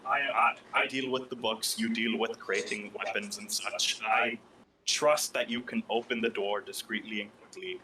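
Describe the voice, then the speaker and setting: A snooty official who talks in stiff, bureaucratic phrases, as a man puts him on. His voice is low but bright. It sounds recorded in an echoey room over a faint hum. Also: fairly even intonation, moderate pace, far from the mic. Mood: haughty.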